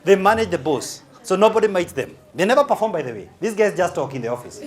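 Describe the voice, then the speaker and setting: A man's voice: sits high, very animated, fast talker, few pauses. A man with a Kenyan accent giving a humorous conference speech, teasing and provocative in a large hall. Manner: teasing, punchy, playfully provocative. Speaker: motivational speaker. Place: large hall with a live audience.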